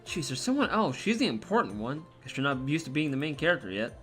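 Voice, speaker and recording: A man's voice: fairly high pitch, very animated, fast talker, a bit bright, soft background music. A man voicing a vain, playful genius woman in a game, teasing and self-assured.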